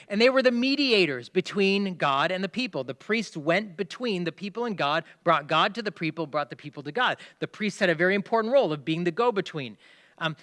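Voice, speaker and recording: A male pastor delivers a sermon in a high, light voice. He punches key words and then drops into quiet asides, often pausing to ask his listeners to pay attention. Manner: emphatic preaching, swinging between loud stresses and hushed asides.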